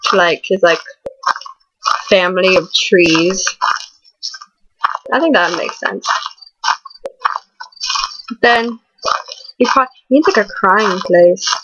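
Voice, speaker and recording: A teenage girl rambling and giggling through horror game commentary, stuffed with fillers and breaking into panicky outbursts. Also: mid-range voice. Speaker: gaming channel host. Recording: dull lo-fi recording with clear background noise.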